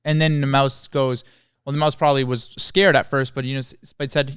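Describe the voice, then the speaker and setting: A man co-hosting a podcast who talks with earnest, playful enthusiasm. His voice is clear and smooth, captured close in a dry studio with no echo. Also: medium pitch, brisk. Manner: earnest, playful, easily excited. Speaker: podcast co-host. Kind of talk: casual chat.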